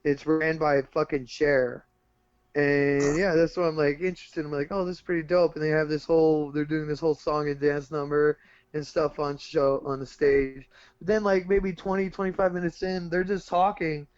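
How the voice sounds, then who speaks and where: High-voiced man, profane casual recap. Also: normal speed, clear, resonant tone, no room sound, dull audio. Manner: profane, animated movie recap with laughs. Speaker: podcast co-host. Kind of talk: casual chat.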